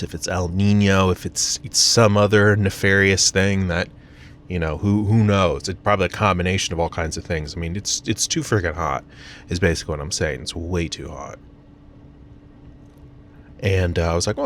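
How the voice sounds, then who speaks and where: Low-voiced American man rambling in his car. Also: a bit bright, a little hiss or hum. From United States. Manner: rambling, self-mocking, many fillers and restarts. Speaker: vlogger. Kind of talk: casual rambling vlog. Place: parked car, in the sun.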